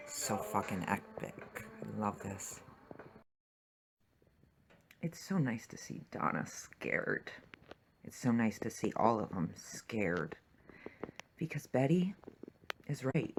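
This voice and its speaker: A man's voice: lowish voice, very animated, takes it slowly, gravelly, pauses often, slight background noise, rough recording. Emotional, swearing man reacting to a TV episode. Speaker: TV reaction vlogger.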